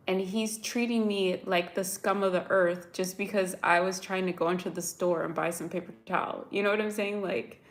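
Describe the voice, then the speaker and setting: A young adult American vlogger tells live viewers a story, addressing them directly in a chatty, animated way packed with "like"s. She is upset and close to tears, speaking at a medium pitch.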